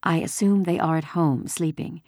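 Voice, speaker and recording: A woman voicing a quiet, polite mother protecting her sleeping children in a storybook reading. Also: sits low, fairly even intonation, normal speed, no echo, studio quality, pitched above the performer's own voice. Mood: pleading. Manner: soft and polite.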